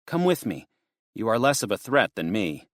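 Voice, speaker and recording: A man's voice: lowish voice, sing-song, normal speed, no echo, studio quality. A man voicing an anxious young man who pleads and pushes to get where he is going. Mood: urgent, pleading. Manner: earnest, urgent.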